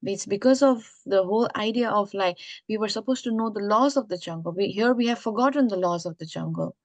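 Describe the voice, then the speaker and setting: A woman's voice: medium pitch, a little fast, no room sound, natural voice. A woman voicing a young woman in a folk tale, a tearful lover who speaks in a pleading, anxious way.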